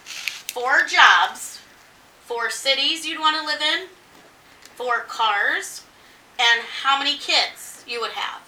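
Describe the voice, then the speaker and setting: Tipsy, excitable woman chatting at home. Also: sits high, slow, long pauses, echoey room, recorded from a distance, slight background noise, poor audio. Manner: giggly, excitable, swearing. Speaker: co-host. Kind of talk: casual chat.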